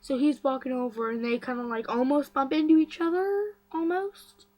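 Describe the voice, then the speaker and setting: A woman's voice: high voice, steady tone, moderate pace, a little mellow, low-quality recording. Chatty woman recapping a story. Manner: chatty, filler-heavy, gossipy asides. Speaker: vlogger.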